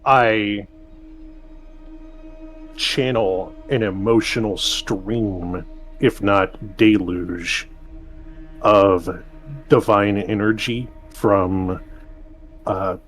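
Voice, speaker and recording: A man at a tabletop game, describing what his character does in a casual, halting way, full of fillers. His voice sits a little low. Faint music plays in the background. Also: steady tone, a bit bright. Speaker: player. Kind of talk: tabletop role-play chat.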